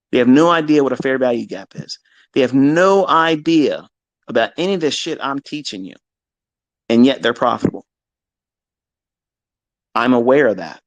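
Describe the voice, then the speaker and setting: A man's voice: mid-range voice, dry recording. A middle-aged man, a trading mentor, talking in a blunt, profane and passionate way during a live audio chat. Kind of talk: unscripted live audio talk.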